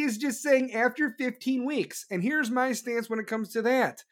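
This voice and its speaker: A woman's voice: on the high side, normal speed, hardly any pauses. A woman hosting a livestream, ranting bluntly with swearing, sarcastic asides and mocking quoted voices while talking to her chat. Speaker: livestream host. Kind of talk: casual opinion rant on a livestream.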